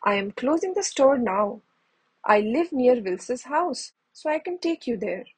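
A woman reading the lines of a kind, helpful male shopkeeper in a storybook, with a breathy voice. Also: a little high, very animated, a little slow, darkish tone, heavily acted, rough recording. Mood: reassuring. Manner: reassuring.

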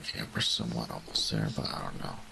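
A young man in a whispered role-play, playing a horror game in hushed, panicky, swearing reactions. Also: rumbling low, fairly even intonation, quick pace, gravelly, noisy background. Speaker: gaming YouTuber.

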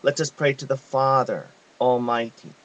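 A man reading a devotional text aloud, in a measured, reverent way with pauses. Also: medium pitch, steady tone, poor audio. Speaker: reader of devotional messages.

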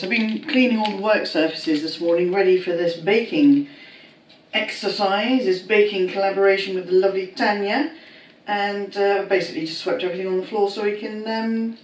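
A woman's voice: medium pitch, a little mellow, far from the mic, a little hiss or hum. Brief: woman vlogger, chatty, a bit off-mic in a roomy kitchen. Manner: chatty, baby-talks to her cats. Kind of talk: casual vlog chat. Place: home kitchen.

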